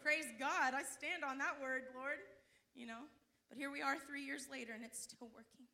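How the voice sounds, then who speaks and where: Bright, high-voiced fervent woman preacher. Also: fairly even intonation, normal speed. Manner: fervent, swings from hushed storytelling to loud cries of praise; exclaims calls to the congregation. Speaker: church speaker giving testimony. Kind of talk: Pentecostal sermon testimony.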